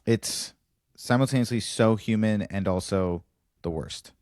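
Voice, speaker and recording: A man's voice: a little slow, no room sound, clean studio sound. A man co-hosting a podcast, casually telling a stand-up bit and acting out the dialogue with big jumps in his voice. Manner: animated storyteller, acts out dialogue with big pitch jumps. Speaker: podcast co-host, comedian.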